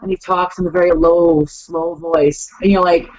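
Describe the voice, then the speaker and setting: A woman on a podcast call, chatting casually, animated, acting out quoted lines and laughing often. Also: on the low side, normal speed, vocal fry, no room sound, dull audio. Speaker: guest wrestler.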